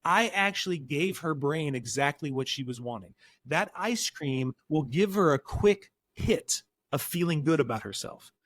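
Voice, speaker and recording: A man speaking as a parenting counselor guest on a podcast, animated and acting out dialogue as he tells stories. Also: a little high, measured pace, dry recording. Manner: animated, acts out quotes in different voices. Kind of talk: podcast interview, storytelling.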